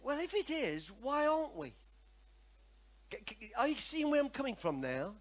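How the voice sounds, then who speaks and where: A man's voice: very high-pitched, normal speed. A man preaching a sermon, telling a personal story and calling on the congregation to repeat after him. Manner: animated, repetitive, calls for congregation response.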